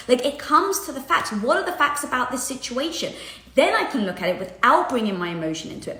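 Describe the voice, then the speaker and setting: A woman hosting a live video, giving casual motivational talk in a candid, animated way with lots of fillers and casual swearing. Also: fairly high pitch. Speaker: host of a live social media video. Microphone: headset or phone mic. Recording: echoey room sound.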